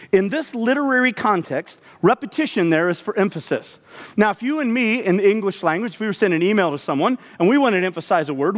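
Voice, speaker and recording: A man preaching a sermon to a congregation, expressive, often dropping his voice low for emphasis. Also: long reverb tail. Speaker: pastor.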